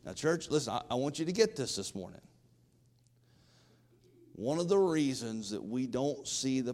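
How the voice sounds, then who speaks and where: A man's voice: mid-range voice, darkish tone, in a large hall. A man preaching a sermon, folksy and emphatic, with asides to the congregation. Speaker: pastor.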